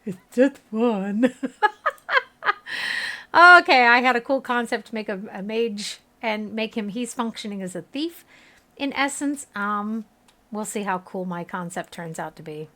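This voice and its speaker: With a mid-range, animated voice, a sharp tone, and a measured pace, a woman in her thirties chats casually with viewers while streaming a game. She's giggly, talks directly to chat, and laughs often.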